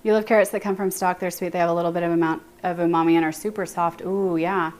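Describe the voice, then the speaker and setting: A woman's voice: lowish voice, fairly even intonation, fast talker, darkish tone. A woman with a Texan accent hosting a casual baking livestream, chatting and thinking aloud as she greets her viewers by name in her home kitchen.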